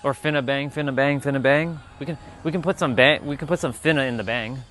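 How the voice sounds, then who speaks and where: A fast-talking man with a medium-pitched, slightly bright voice hosts a livestream over soft background music. He keeps things casual and playful, repeating a word that amuses him and laughing at it.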